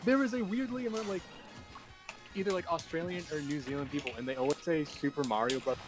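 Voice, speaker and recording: A man's voice: on the high side, fast. A young man casually chatting while streaming a game, joking, riffing and swearing loosely. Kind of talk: casual gaming stream chat. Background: game music.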